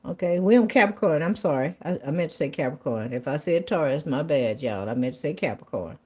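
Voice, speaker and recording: A woman's voice: deep voice, expressive, a little fast, warm tone, breathy edge. A woman giving a casual tarot reading to viewers, chatty and blunt. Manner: chatty, blunt, swears, colloquial, repeats phrases. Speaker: tarot reader.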